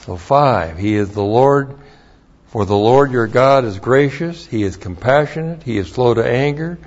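Man preaching a Hebrew word study, slow and emphatic, repeats himself, dull lo-fi sound. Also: mid-range voice, lively intonation, a little mellow. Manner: emphatic, repeats key phrases, spells out Hebrew letters. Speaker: Bible teacher.

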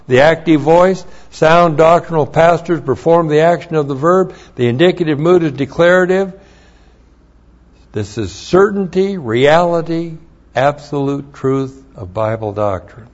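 Slow, emphatic male preacher, lo-fi. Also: on the high side, expressive. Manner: slow, emphatic, repeats key phrases, spells out Greek words. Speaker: pastor. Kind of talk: verse-by-verse Bible teaching sermon. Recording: dull lo-fi sermon recording.

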